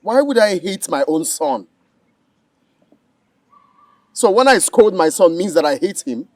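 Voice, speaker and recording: A man's voice: high-pitched, sing-song, a little slow. An actor playing a stern, commanding king and father with a Nigerian accent in a film drama. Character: stern king, a father scolding and settling family quarrels.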